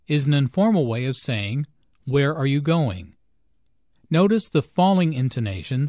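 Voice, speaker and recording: A man reading English lesson notes in a careful, clearly enunciated scripted narration. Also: medium pitch, darkish tone, no echo, studio quality. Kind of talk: slow scripted teaching narration.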